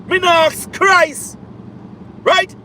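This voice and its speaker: High-voiced Jamaican man, slow and emphatic. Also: steady tone, sharp tone, a little hiss or hum, rough recording. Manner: emphatic and repetitive, with rhetorical check-ins. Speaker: political commentator. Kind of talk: livestream commentary.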